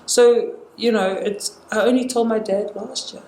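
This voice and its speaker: A woman's voice: fairly high pitch, normal speed, few pauses, darkish tone. A young woman telling a personal story in casual conversation. She retells it with energy and acts out the quoted dialogue. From South Africa. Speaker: guest sharing a personal story. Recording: roomy indoor sound with faint noise.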